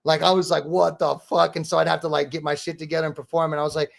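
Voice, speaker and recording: Gravelly, slightly high rambling man. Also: level tone, very fast. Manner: rambling, profane, peppered with "bro" and "dude". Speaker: podcast host and rapper. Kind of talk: casual storytelling chat.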